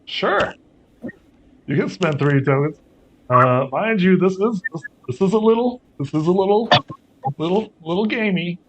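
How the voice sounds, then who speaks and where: A man's voice: high-pitched, animated, normal speed, muffled recording. A man running a tabletop game as game master, loose and joking, laughing often.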